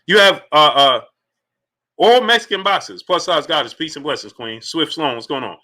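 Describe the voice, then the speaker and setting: A man's voice: fairly high pitch, expressive, normal speed, pushed and bright. A man hosting a live boxing stream, greeting viewers in the chat by name and firing off rhetorical questions. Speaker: boxing livestream host.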